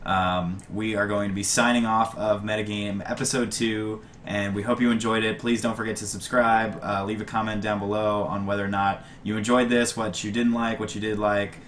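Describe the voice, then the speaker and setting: Low-voiced young man hosting a chat. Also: normal speed, hardly any pauses, a little hiss or hum. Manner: relaxed, rambling, with frequent ums. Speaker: podcast host. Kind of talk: casual chat.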